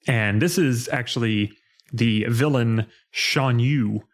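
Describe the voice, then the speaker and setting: A man's voice: medium pitch, slow. A man co-hosting a podcast, chatting casually about a game he played and acting out quoted lines with laughs. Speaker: podcast co-host. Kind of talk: casual chat recapping a game.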